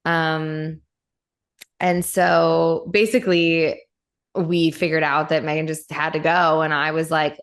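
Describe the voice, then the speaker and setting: A woman podcast host talks in a loose, candid chat, pitched a little low for a woman. She rambles freely and fills her talk with "like.". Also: level tone, slow, clear, resonant tone. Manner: candid, rambling, says "like" often. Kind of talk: casual chat.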